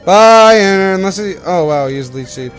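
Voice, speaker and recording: This let's play host, a young Canadian man with a high, animated voice, speaks at normal speed over soft music. His casual commentary on the game rambles, and he frequently corrects himself.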